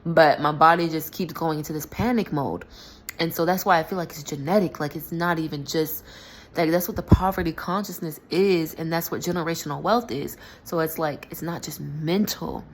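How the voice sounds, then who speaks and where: Low-voiced woman rambling casually. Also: moderate pace, a little hiss or hum. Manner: rambling, filler-heavy, self-correcting. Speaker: spiritual vlogger. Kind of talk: casual storytelling monologue.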